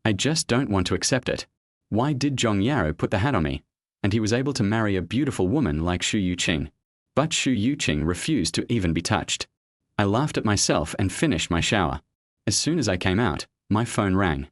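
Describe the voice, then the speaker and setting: A man narrating a web comic recap in a steady first-person storytelling manner. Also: fairly low pitch, moderate pace, dry recording, studio quality.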